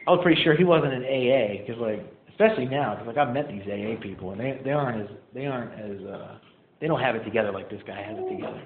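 A man's voice: mid-range voice, a little hiss or hum. Casting: man, casual self-mocking storyteller at a meeting, quotes others in put-on voices; thin tinny sound. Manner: casual, self-mocking, filler-heavy with many "like"s; acts out quoted people in his story. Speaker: speaker sharing his recovery story. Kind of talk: storytelling talk to a live audience. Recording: tinny, echoey hall recording.

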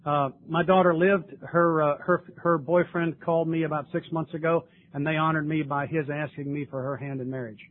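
A man's voice: fairly high pitch, steady tone, moderate pace, few pauses. An older man, sharing his recovery story at a meeting in an earnest, emotional way. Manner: earnest, emotional, tearful at times. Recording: tinny lo-fi recording with faint noise.

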